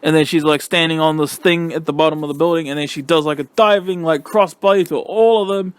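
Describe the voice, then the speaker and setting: Young male reviewer, slightly high clear voice, excitable, rambling, dry close recording. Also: quick pace, dry recording. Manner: excitable, rambling with many fillers. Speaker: wrestling reviewer. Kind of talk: casual solo review.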